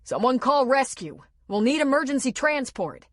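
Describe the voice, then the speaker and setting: A woman's voice: lowish voice, very animated, slow pace, slightly rough, no room sound, exaggerated voice. Woman doing a take-charge man, urgent, commanding, dry booth sound.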